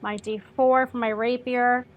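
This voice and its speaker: A woman's voice: on the high side, flat delivery, highs cut off. A woman playing a tabletop game, talking hesitantly and working through her numbers aloud. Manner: slow, hesitant, counting aloud. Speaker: player. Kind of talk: casual game chat.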